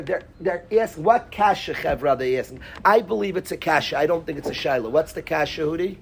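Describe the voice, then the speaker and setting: A man teaching a lively Talmud class in a synagogue, quizzing his students by name and mixing in Hebrew and Yiddish terms. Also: a little high, moderate pace, gravelly, slightly rough.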